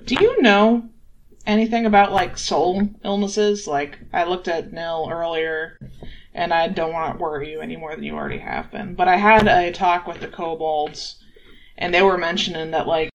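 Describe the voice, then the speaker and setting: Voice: mid-range voice, fairly even intonation, moderate pace, muffled recording, a little hiss or hum, close to an everyday voice. A player voicing a worried, guilt-ridden elf adventurer in a tabletop game, rambling with many fillers. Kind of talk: in-character tabletop play.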